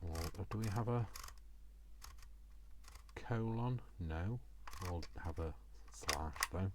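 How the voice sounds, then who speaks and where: Slow and low-voiced, this British man makes a craft project while rambling away to himself and poking fun at himself. He's a crafting vlogger, and there's noise in the background.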